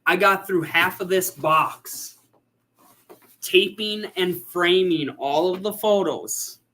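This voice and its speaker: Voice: medium pitch, slow, sharp tone. A photographer hosting a casual livestream, chatting and reading out viewer comments.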